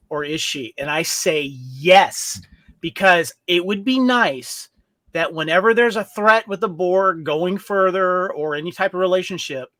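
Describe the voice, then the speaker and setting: Fairly high-voiced male co-host, dry sound. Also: a bit bright, dry recording. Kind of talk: casual podcast chat.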